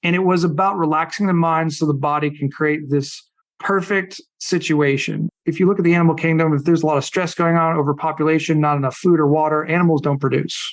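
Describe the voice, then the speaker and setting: A middle-aged man, a podcast guest and coach, telling his story in a casual, animated way, acting out what others said and swearing bluntly. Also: a little high, fairly quick. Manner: animated, acts out quoted people.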